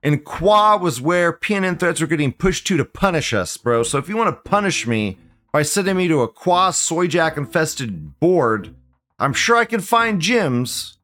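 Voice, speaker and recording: A man's voice: a little high, a bit bright. A man hosting a live show, ranting in a casual, profane, rambling way and repeating himself. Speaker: livestream show host.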